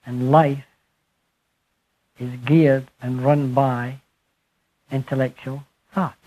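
A husky-voiced man gives a spiritual talk to a gathered group, leaning into key words and letting each phrase sink quietly at its end. The recording sounds muffled and lo-fi, like an old archive tape. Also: mid-range voice, little pitch movement. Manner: slow, emphatic, trailing off softly at phrase ends. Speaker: speaker addressing a group. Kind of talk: spiritual talk to a live audience.

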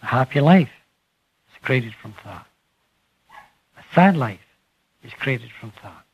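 Here a man with a husky, expressive voice at medium pitch delivers a spiritual talk to a live group. He speaks slowly, leaning hard on important words and letting each phrase sink gently away, all captured on muffled, lo-fi audio reminiscent of an old archive tape.

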